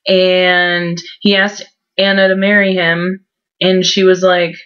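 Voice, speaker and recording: A woman's voice: fairly low pitch, level tone, slow pace, a bit bright. A young woman in her twenties giving a mocking, casual book recap, full of sarcasm and "like". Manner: mocking, sarcastic, heavy use of "like". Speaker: book reviewer vlogger. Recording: dull lo-fi home recording.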